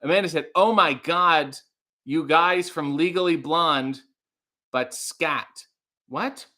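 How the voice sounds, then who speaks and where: A man with a bright, slightly high voice hosts a casual livestream. He reads viewer comments aloud and reacts in a chatty, offhand way, as if talking to regulars. He sounds like a man in his thirties. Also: slow. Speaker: host.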